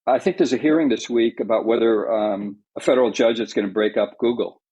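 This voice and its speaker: A man with a New York accent, an executive editor and interviewer, chats casually on a podcast. His voice is fairly low, warm and slightly rough, a little fast, and he's opinionated, full of fillers and restarts. The audio is dull.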